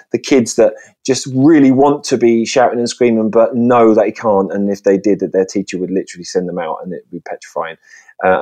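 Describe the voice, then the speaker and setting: A man, a guest chatting casually and acting out lively voices in his stories. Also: lowish voice. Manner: chatty storytelling, lively voices when quoting. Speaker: guest, children's TV presenter. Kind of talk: casual interview chat.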